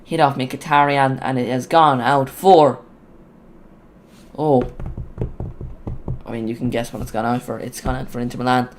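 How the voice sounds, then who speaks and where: A man's voice: medium pitch, normal speed, long pauses, a little hiss or hum. Chatty male streamer with cracking voice. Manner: chatty, rambling, excitable on goals. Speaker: watch-along streamer. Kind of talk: live match commentary, casual.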